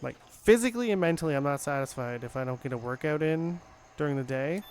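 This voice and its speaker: This young man's gameplay commentary is casual and rambling, full of fillers. He talks at a quick pace with lively intonation, his voice on the high side yet darkish in tone, over slight background noise.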